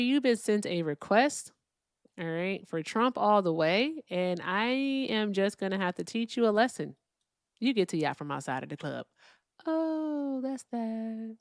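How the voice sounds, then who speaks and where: A woman's voice: medium pitch, expressive, measured pace, dry recording, clean studio sound. A woman in her thirties hosting a live debate stream, blunt and profane as she talks to callers and chat. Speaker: livestream host.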